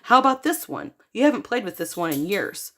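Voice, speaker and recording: A woman's voice: medium pitch, very animated, brisk. A woman voicing an exasperated mother who argues with her son over his toys, speaking sternly. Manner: stern and exasperated, with loud scolding.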